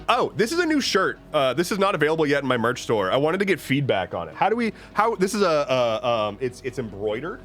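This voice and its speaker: A man's voice: a little high, sing-song, a little fast, hardly any pauses, a bit bright. A man chatting casually on a stream, rambling and joking with lots of restarts and swearing. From United States. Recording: faint music behind.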